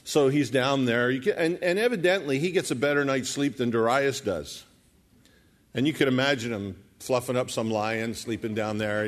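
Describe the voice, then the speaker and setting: A man preaching a sermon, retelling a scripture story and acting out the characters' lines in his own voice. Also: mid-range voice. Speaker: pastor.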